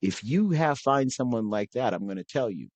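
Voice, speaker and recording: A man's voice: mid-range voice, expressive, moderate pace, darkish tone, no echo. A middle-aged man hosting a podcast, talking to listeners in a rambling, folksy monologue full of fillers and restarts. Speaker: podcast host.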